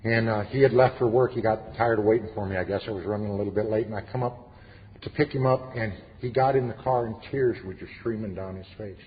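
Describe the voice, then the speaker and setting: A middle-aged man with a fairly low voice tells his story to a meeting, earnest and plain-spoken, slipping in dry humor. The sound is dull and lo-fi, with a long echo from the hall and a faint hiss underneath. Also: fast talker. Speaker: recovery meeting speaker. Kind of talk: personal testimony talk.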